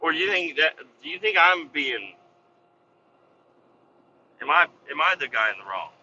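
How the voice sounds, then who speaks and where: Working-guy podcast host with a piercing, bright voice, swearing through a petty gripe; muffled lo-fi sound. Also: on the high side, sing-song, normal speed, slight background noise. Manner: profane, exasperated, rambling. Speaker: vac truck operator. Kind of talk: casual ranting storytelling.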